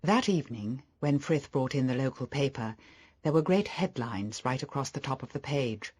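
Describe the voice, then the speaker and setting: A man reading a novel aloud as audiobook narration, steady and even. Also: mid-range voice, moderate pace. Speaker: audiobook reader. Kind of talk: scripted narration.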